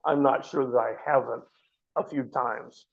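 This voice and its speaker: Gravelly, husky male Bible teacher. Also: medium pitch, steady tone, unhurried, phone-quality sound. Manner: earnest, explanatory, frequent restarts. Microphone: microphone.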